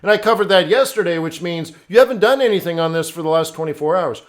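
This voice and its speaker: A man's voice: high voice, fast talker. A middle-aged man hosting a live trading stream, talking bluntly and conversationally as he answers viewers by name. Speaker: forex trading livestream host.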